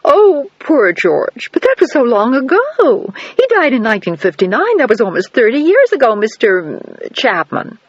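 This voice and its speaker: A man's voice: very high voice, huge pitch swings, slightly rough, no room sound, highs cut off, voice pushed up, heavily acted. A man voicing a blunt American countess. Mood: surprised. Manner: blunt, direct, quick exclamations. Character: blunt middle-aged American countess, quick to laugh.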